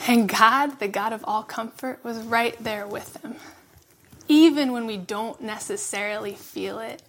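A woman giving a reflective devotional sermon, laughing softly between phrases and dropping to a hush for emphasis. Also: a little high, unhurried. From California. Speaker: preacher.

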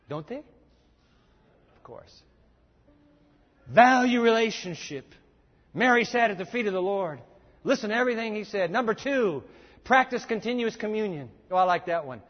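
Brief: high-pitched male preacher, emphatic sermon delivery, long hall reverb. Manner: emphatic, repeats points for note-taking. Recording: echoey dull lo-fi hall recording.

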